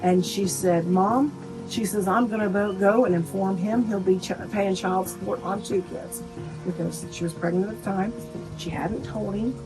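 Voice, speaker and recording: A woman's voice: mid-range voice, normal speed, over music, poor audio. A middle-aged woman, the mother of a murder victim, plainspoken as she recounts family conversations in an interview, quoting what each person said. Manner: plainspoken, retells conversations with quoted speech.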